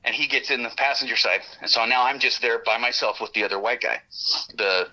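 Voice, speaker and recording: A guest recounts an encounter story, his mid-range voice brisk with a very bright, cutting edge. He's lively and profane, laughs often, and acts out every line of the dialogue, all captured in narrow, radio-like sound.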